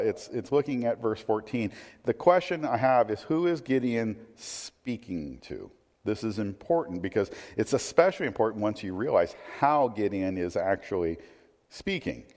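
Man preaching in a reverberant hall. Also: a little mellow. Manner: conversational teaching, rising emphatic when reading scripture, dropping low for asides. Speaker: pastor. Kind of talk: sermon.

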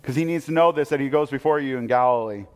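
A man preaching a sermon, telling the story with animated, acted-out quotes. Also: mid-range voice, fast, big-room sound. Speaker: pastor.

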